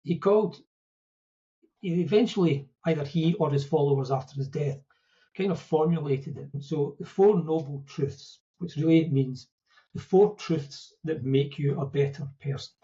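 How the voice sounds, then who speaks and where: Scottish man, fairly high voice for a man, mellow and dark in tone, dull lo-fi podcast sound, chatty storytelling. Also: normal speed. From Scotland. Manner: conversational storytelling with asides and quips. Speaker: podcast guest explaining Buddhist ideas. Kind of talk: casual explanatory talk.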